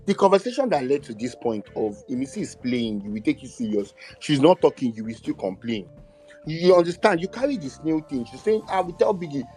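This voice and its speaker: A man's voice: mid-range voice, big pitch swings, fairly quick, dark tone, faint music behind. A man cutting in with emphatic, incredulous remarks about a reality show. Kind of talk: casual opinionated chat.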